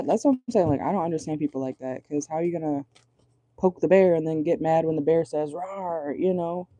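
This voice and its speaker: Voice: medium pitch, dark tone, no room sound. A chatty tarot reader giving a casual, blunt reading from inside a car, swearing freely and laughing often.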